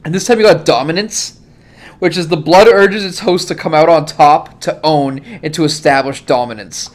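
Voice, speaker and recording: A man narrating a tabletop role-playing game as game master, describing the action vividly. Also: normal speed. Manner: animated, laughing, acts out bystanders in high voices.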